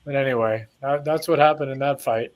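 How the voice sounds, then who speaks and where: Medium in pitch, fairly even in intonation, and brisk, this Canadian ex-boxer in his sixties rambles through long stories during a laid-back interview. Whenever he quotes someone, he acts the line out.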